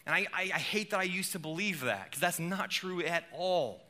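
A male preacher delivering a sermon with a very bright, slightly high voice. He is animated, acting out quoted lines with sudden loud bursts. Then he sinks into quiet, low, intimate passages. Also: normal speed.

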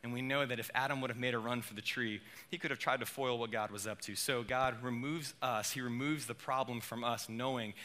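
A man preaching a sermon in a casual, animated way, with playful asides. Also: medium pitch, a little fast, few pauses. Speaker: pastor.

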